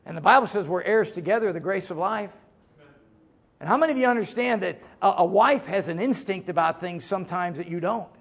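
A middle-aged preacher man with a high, gravelly voice and a husky edge. He preaches in a folksy, joking way, swinging between loud emphasis and quiet asides. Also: a little fast. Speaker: pastor. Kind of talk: sermon.

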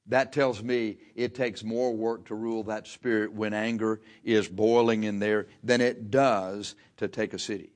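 Male pastor, mid-pitched voice, folksy plain-spoken sermon with emphatic repetitions. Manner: preaching with emphatic rises and repeated phrases.

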